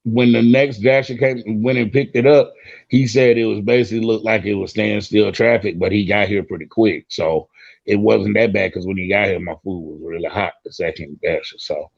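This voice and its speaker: A man's voice: lowish voice, steady tone, normal speed, gravelly, no room sound. A man from Florida, talking casually and emphatically, often repeating his point. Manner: talkative, emphatic, repeats himself. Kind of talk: casual chat. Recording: dull lo-fi sound.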